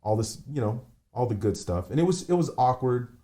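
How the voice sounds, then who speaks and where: A man on a remote call telling a painful personal story, halting, with many fillers and restarts. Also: medium pitch, big pitch swings, dark tone. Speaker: podcast guest.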